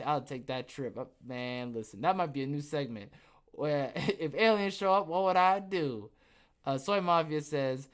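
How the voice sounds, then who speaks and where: A man hosting a casual podcast, rambling and joking as he reads viewer comments, with sudden loud, animated bursts. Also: on the high side. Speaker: podcast host. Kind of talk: casual livestream chat reading viewer comments.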